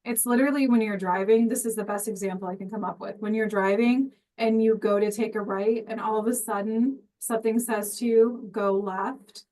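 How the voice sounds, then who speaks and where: A woman's voice: a little high, fairly quick, hardly any pauses. Woman co-host, earnest storyteller, slightly distant from the mic. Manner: earnest, animated storyteller with examples. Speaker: podcast co-host. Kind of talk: casual spiritual chat. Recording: voice a bit off-mic.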